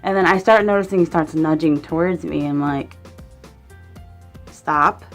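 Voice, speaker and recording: A young woman with a fairly low-pitched voice tells a casual vlog story. She rambles, swears without a second thought and fills nearly every sentence with "like". Faint music plays underneath her. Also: a little fast. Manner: rambling, heavy use of "like", swears freely. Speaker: vlogger.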